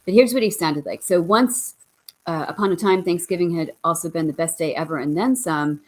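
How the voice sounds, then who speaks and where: A woman author speaks in a lowish, slightly deeper voice with a playful, animated manner. She pokes fun at herself, and she shifts from lively chat into reading her book aloud. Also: a little fast, poor audio. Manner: animated, playful, self-deprecating. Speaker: author, guest. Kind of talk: conversational interview and reading aloud.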